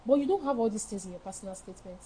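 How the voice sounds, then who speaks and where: A woman's voice: medium pitch, animated, rapid-fire, dark tone, a little hiss or hum, low-quality recording. A woman giving frank, emphatic advice as a study-abroad counselor in a live session, repeating her key points. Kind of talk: live advice session answering viewer questions.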